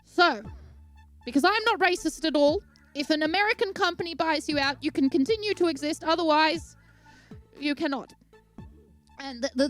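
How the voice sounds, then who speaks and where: A woman's voice: sits high, moderate pace, long pauses, a bit bright, soft background music. A young Australian woman giving a comedic rant, digressing and mocking people in put-on voices.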